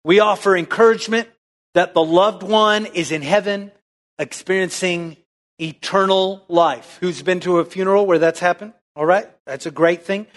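A man with a high voice preaches a sermon in a church. He talks with energy and keeps asking the congregation questions. His delivery swings between playful asides and earnest points. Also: normal speed, fairly bright tone. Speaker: pastor.

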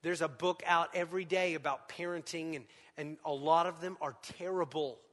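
A middle-aged man preaching a sermon to parents, swinging between loud emphatic lines and hushed ones. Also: a little high, fairly even intonation, normal speed. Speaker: pastor. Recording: long hall reverb.

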